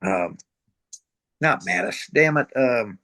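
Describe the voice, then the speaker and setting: A middle-aged retired Marine sergeant major from middle America, telling war stories in a blunt, profane way and acting out the dialogue. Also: male voice, on the low side, animated, slow pace, sharp tone. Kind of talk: casual storytelling interview.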